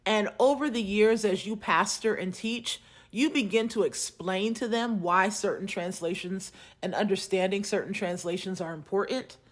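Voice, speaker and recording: A woman who teaches at a seminary, telling a classroom story in a casual, teacherly way while doing her makeup. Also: mid-range voice. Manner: deliberate, teacherly retelling of a class exchange. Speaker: seminary professor.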